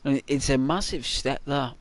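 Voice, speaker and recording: Playing a game, a man who runs a gaming channel talks casually in a mid-range voice at normal speed. He tells wandering stories, chuckling often and leaning on lots of fillers.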